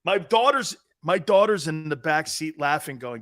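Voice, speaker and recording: A middle-aged man hosting a sports talk show in casual chat, laughing often and breaking into loud outbursts. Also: a little high, animated, normal speed, no room sound, studio quality.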